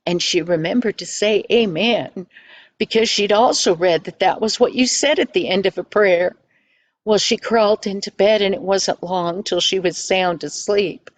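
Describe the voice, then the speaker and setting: An older woman telling a children's story in a homely, gentle, folksy way. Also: medium pitch, normal speed.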